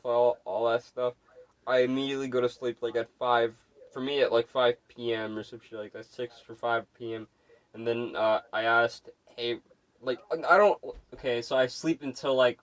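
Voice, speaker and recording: A young man co-hosting a podcast from home, talking in halting casual chat, often restarting and repeating himself. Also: mid-range voice, highs cut off. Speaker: podcast co-host.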